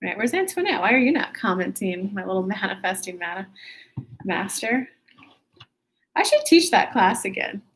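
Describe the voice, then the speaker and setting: A woman's voice: mid-range voice, sing-song, normal speed, pauses often, fairly bright tone. A woman hosting a casual spiritual livestream, chatty and upbeat, talking to viewers from her computer. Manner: chatty, upbeat, with laughs and self-corrections.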